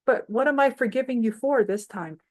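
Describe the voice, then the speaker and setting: A woman voicing a patient friend who gently reassures Zippy in a children's lesson. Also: fairly high pitch, brisk, lightly acted. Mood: reassuring.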